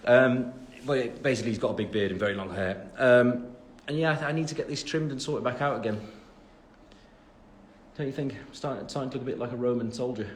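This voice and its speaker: A man's voice: mid-range voice, fast talker, slight background noise. A young man from England with a Midlands accent, chatting loosely on a phone livestream and answering fan questions with a lot of fillers and self-deprecating asides. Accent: English Midlands. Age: 20s. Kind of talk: casual chat. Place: at home after the gym. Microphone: phone camera.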